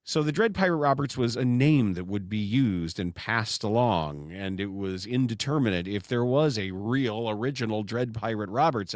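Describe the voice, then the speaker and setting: In a clean studio recording without room sound, a man whose voice sits on the low side hosts a relaxed podcast conversation. This sports radio host is highly animated, occasionally breaking into pirate voices.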